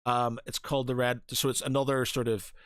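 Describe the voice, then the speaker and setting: Talking fairly quickly in a mid-range, fairly bright voice with little pitch movement, this podcast co-host keeps things casual. He rambles, fills pauses and restarts often, and the recording is dry and studio-clean.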